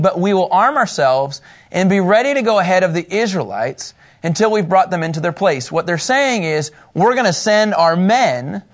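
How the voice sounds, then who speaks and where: A man with a fairly high speaking voice leads a relaxed Bible study group. He reads passages aloud and talks through them conversationally, often stopping to ask the people around him questions. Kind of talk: casual group Bible teaching.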